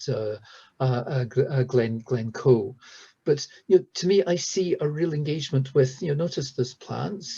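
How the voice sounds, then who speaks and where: Guy giving a rambling lecture, dark husky voice, kinda muffled. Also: mid-range voice. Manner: hesitant, many ums and restarts. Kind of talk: recorded lecture with slides. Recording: dull lo-fi sound.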